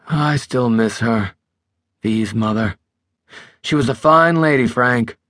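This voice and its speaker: A man's voice: mid-range voice, slow pace, a bit bright, no echo, studio quality. A male narrator playing a tipsy, stubborn older political fixer who rambles with backslapping bluster. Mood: boozy.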